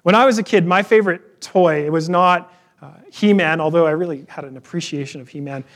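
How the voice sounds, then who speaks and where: High-voiced man preaching conversationally. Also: brisk, a bit bright. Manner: conversational, storytelling with personal anecdotes. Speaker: pastor. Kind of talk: sermon.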